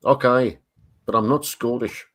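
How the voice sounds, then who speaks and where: A man's voice: mid-range voice, fairly even intonation, measured pace, a bit bright. A man from Northern England with a Tyne and Wear accent, chatting on a group livestream and often repeating words as he searches for them. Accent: Northern English, Tyne and Wear. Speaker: art stream co-host. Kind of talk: casual group chat on a livestream.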